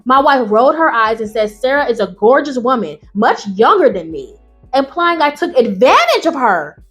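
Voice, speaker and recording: High-voiced woman ranting over stories. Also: normal speed, soft background music. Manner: animated, blunt, ranting reactions. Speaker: channel host. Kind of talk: reading stories aloud and reacting.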